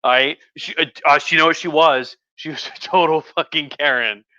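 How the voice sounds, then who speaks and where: A man's voice: fairly high pitch, steady tone, fairly quick, bright, forceful tone, dry recording, muffled recording. A drunk male history professor giving a rambling, profane, chatty livestream lecture from home, with many restarts.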